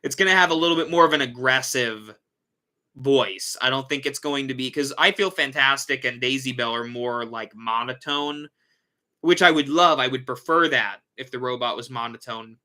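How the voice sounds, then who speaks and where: Casual male livestream host, bright tone, rambling and self-correcting. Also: medium pitch, normal speed.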